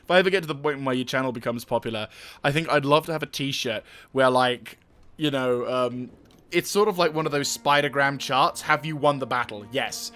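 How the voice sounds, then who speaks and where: A young man giving let's-play commentary, excitedly barking orders at his troops, swearing, and rambling about the game. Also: mid-range voice, brisk. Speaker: gaming channel host.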